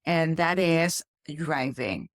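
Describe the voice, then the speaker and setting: A woman's voice: low voice, animated, slow pace, no echo. A woman from the Philippines co-hosting a casual podcast chat, talking thoughtfully with frequent restarts. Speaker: podcast co-host.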